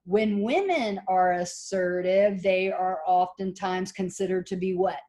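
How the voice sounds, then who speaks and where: A middle-aged woman giving a classroom lecture, telling stories and acting out the people she quotes in lively voices. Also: mid-range voice, a little slow. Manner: animated, acts out quoted voices. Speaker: college lecturer.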